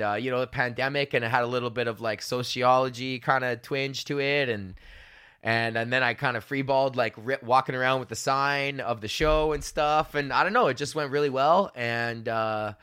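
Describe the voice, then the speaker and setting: A young man hosts a podcast, rambling through casual stories in a loose, profane style packed with fillers. His mid-range voice has a sharp, clean tone and moves at a moderate pace.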